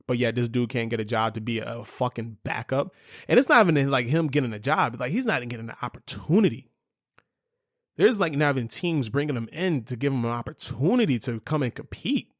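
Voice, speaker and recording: A young man hosts a casual sports talk show, ranting with plenty of swearing and filler words. His voice has a gravelly fry at mid pitch. The recording is dry and close, with no room sound. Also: dry recording. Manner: fired-up, profane ranting with frequent fillers. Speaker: podcast host.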